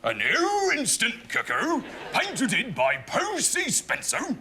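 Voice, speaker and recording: Man doing a loud, high-pitched storybook dog voice, adventurous pup. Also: huge pitch swings, takes it slowly, slight background noise, heavily acted. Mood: excited. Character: adventurous cartoon dog, male.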